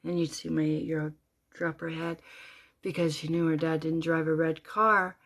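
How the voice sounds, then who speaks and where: Woman storyteller, casual and animated, low-ish voice, shifts from whispers to loud bursts. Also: normal speed. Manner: animated, swinging between hushed whispers and loud exclamations.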